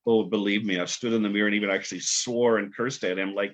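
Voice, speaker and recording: A poet guest telling stories in a rambling, halting way with many fillers, heard on a video call. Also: male voice, fairly low pitch, steady tone, slight background noise. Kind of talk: casual storytelling and poetry reading. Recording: dull lo-fi video call audio.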